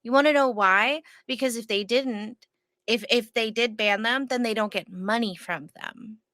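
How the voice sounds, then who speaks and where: A woman's voice: on the high side, moderate pace, pushed and bright, no room sound, clean studio sound. A woman co-hosting a casual podcast, talking emphatically and indignantly. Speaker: podcast co-host.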